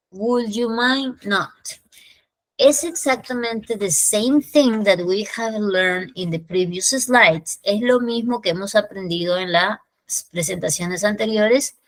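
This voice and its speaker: A woman with a Peruvian Spanish accent gives an English lesson, explaining in Spanish and slowly stretching out English example sentences. Her pitch is medium, and the recording is rough but free of echo.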